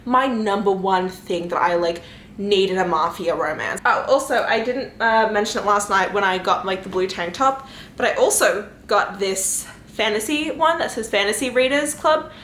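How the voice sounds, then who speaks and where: A woman's voice: mid-range voice, normal speed, fairly bright tone, a little hiss or hum. A young woman chatting casually to camera at home in a reading vlog, gushing with lots of fillers. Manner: gushing, effusive, many fillers. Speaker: book vlogger.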